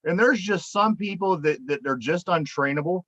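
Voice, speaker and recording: A man's voice: high-pitched, normal speed, fairly bright tone, dry recording, muffled recording. A man with a Pittsburgh accent hosting a casual podcast, giving earnest opinions and repeating himself as he thinks. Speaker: podcast host.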